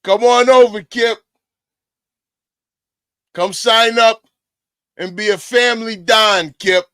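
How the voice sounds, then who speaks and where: A man hosting a livestream, loud and excitable, often shouting as he talks to his chat. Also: sits high, slow, dry recording. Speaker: livestream host. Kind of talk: reacting to a clip for chat.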